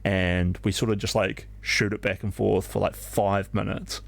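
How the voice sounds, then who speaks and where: A young man on a live stream tells a long story in a low, gravelly voice, filling every gap with "like" and cursing without a second thought. The sound is close and dry, with no room around it. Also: flat delivery, a little slow, no room sound. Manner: rambling, filler-heavy, profane.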